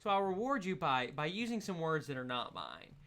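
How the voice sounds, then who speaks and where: A man's voice: a little high, big pitch swings, brisk, bright, forceful tone. Chatty, giggly young man hosting. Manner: laughs often, rambling and chatty. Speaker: podcast host. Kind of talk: casual solo podcast rant.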